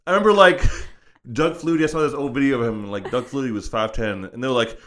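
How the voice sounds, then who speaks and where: A man's voice: mid-range voice, fast. A middle-aged man chatting casually as a podcast co-host, telling comic stories and acting out quoted voices. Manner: animated storyteller, acts out quoted voices. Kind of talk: casual comedic chat.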